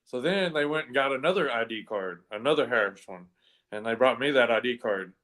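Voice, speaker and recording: A man's voice: mid-range voice, expressive, a little fast, fairly bright tone. A man telling a long story in casual chat, rambling with lots of "and anyway" fillers and easy swearing. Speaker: comedy podcast co-host telling a story.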